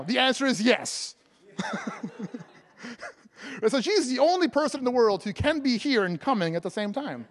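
Guy evangelist preaching, high-pitched, laughs a lot, shouts the verses. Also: lively intonation, moderate pace, long pauses. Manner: jokey, laughing often, bursts of loud proclaiming. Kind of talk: sermon.

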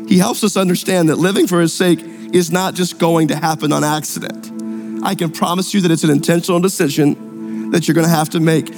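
A male pastor preaching a sermon in a church sanctuary, with earnest, repetitive emphasis and drawn-out key words. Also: fairly high pitch, darkish tone. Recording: long reverb in a large hall.

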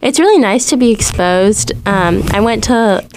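A woman's voice: medium pitch, animated, normal speed, darkish tone, a little hiss or hum. A young woman college student talking on a radio show, chatty and rambling with lots of fillers. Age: young adult. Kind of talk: casual radio chat.

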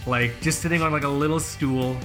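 A man's voice: on the high side, steady tone, brisk, over music. A man co-hosting a podcast in casual banter, rambling and joking at his own expense. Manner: rambling, jokey, self-deprecating. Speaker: podcast co-host.

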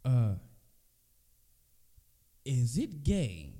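Animated laughing man telling stories. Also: medium pitch, very slow. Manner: animated storyteller, laughs often, swears freely. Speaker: podcast co-host. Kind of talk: casual comedic chat.

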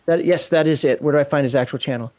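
A man's voice: a little high, quick pace, a little mellow. A man hosting a gaming livestream, chatting casually and animatedly, laughing often and restarting his sentences. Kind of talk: casual chat.

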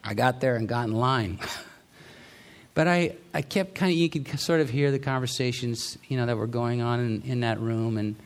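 A man's voice: medium pitch, moderate pace. A middle-aged male pastor giving a sermon in a conversational, storytelling way, often restarting his sentences.

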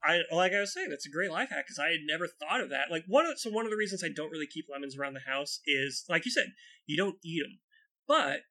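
A man's voice: on the high side, animated, fast, bright, forceful tone. A man in casual conversation, easygoing and agreeable, talking with restarts. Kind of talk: casual chat.

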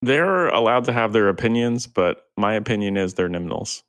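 A man's voice: lowish voice, animated, moderate pace, fairly bright tone. A man hosting a casual gaming podcast, easygoing and laughing between remarks. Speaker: podcast host.

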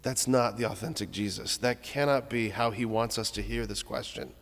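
A man's voice: lowish voice, moderate pace. Man preaching in an echoing church. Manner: conversational, reflective, with restarts. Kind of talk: homily.

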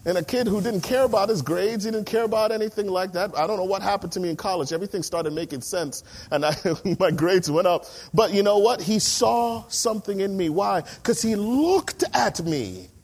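Animated preacher man, slightly high voice. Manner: animated, acts out quoted voices, slows for emphasis. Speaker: pastor. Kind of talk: sermon.

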